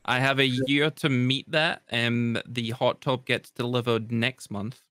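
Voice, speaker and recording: A man who streams, chatting casually on a podcast in a relaxed way, swearing offhandedly. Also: mid-range voice, a little slow, dry recording. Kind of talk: casual chat.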